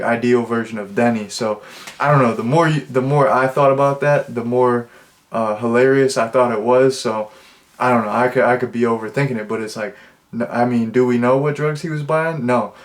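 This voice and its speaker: A man rambles through a relaxed, unscripted film review, packing nearly every phrase with "like." His tone stays amused and offhand as he restarts sentences and chases tangents. His voice has a middle pitch. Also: normal speed. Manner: rambling, constant "like" fillers, amused. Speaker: movie reviewer. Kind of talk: casual unscripted monologue.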